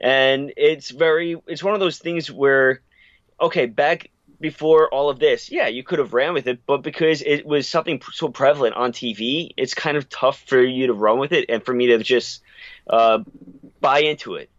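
A man's voice: medium pitch, moderate pace, a bit bright, no room sound. Rambling opinionated man, dull lo-fi sound. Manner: opinionated, rambling, restarts often. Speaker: podcast co-host. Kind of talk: casual wrestling chat.

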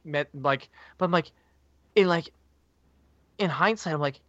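A man's voice: fairly high pitch, a little slow, bright, forceful tone, no echo. A man co-hosting a podcast in casual chat, rambling and filling his talk with "like". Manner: rambling, fills speech with "like". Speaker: podcast co-host. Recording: dull lo-fi dry sound.

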